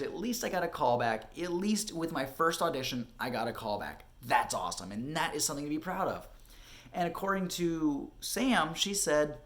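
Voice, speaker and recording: A young man, an actor, telling a personal story in a casual vlog, animated and full of fillers, his voice rising when excited and dropping low and quiet when anxious. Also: moderate pace. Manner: animated, swinging from excited to hushed and back, many fillers. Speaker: vlogger and actor. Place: home, indoors.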